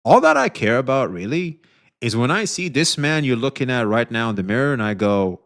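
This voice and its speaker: A male streamer reacts to a video live and talks straight to his chat. His pitch rises and falls a lot as he rambles and corrects himself, and he swears freely. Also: very animated, a little fast, fairly bright tone. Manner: addresses chat directly, frequent restarts and swearing. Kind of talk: livestream reaction commentary.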